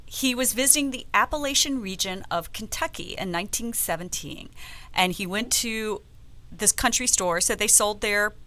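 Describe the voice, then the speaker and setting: A woman from the American South hosting a casual radio talk show, telling stories with animated, playful asides. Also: medium pitch, normal speed. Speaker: host. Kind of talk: casual radio chat, storytelling.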